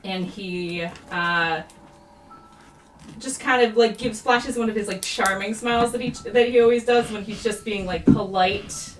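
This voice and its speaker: A woman's voice: mid-range voice, unhurried, a little hiss or hum. Woman game master narrating in an echoey room. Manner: rambling descriptive narration full of fillers. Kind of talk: live-streamed tabletop game narration. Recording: roomy echo, mic at a distance, music behind.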